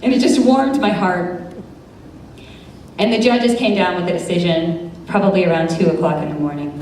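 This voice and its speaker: American lady in her 30s telling a story live, kinda far off mic, faint noise. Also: mid-range voice. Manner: vivid, animated storytelling with quoted dialogue. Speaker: immigration attorney telling a story on stage. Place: large event space, live audience. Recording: echoey room from far off.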